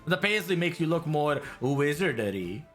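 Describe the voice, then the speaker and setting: A man voicing a short, pushy human clothing merchant who talks like a fast salesman and bristles at haggling. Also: fairly high pitch, big pitch swings, soft background music. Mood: salesy.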